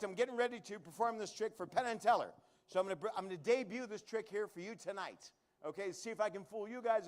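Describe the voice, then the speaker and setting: High-pitched guy doing a comedy magic act on stage, joking with the crowd between tricks. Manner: joking, quick asides to the crowd. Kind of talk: live stand-up magic act.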